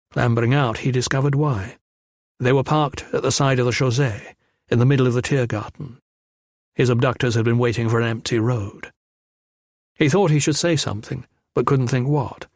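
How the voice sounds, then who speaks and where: A man reading a thriller audiobook as narrator in a measured, even storytelling manner, close to the microphone. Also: medium pitch, no echo. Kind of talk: scripted narration.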